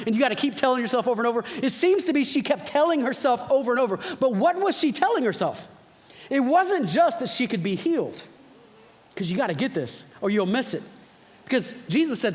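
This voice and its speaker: Male pastor, high voice, casual teaching sermon in a church, stumbles and repeats, rises to fervent peaks. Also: lively intonation, fast talker. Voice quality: frequent repeated words and restarts. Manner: conversational teaching, bursts of fervent emphasis.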